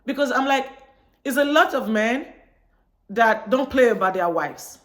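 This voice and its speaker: Here a Chicago vlogger talks straight to camera, casually recounting a story and performing both sides of an exchange. Her slightly high voice is expressive and measured in pace, and her manner is that of chatty storytelling.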